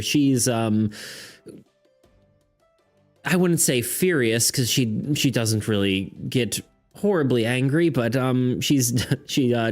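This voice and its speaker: A man voicing a gentle, motherly female demon healer who speaks softly and soothingly. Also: medium pitch, close to an everyday voice. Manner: soft, soothing, calls listener sweetie.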